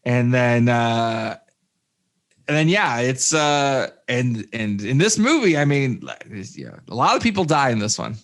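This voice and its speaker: A man's voice: mid-range voice, sing-song, unhurried, fairly bright tone. A man co-hosting a casual movie review podcast, rambling with many fillers and restarts, with jokey asides. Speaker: podcast co-host.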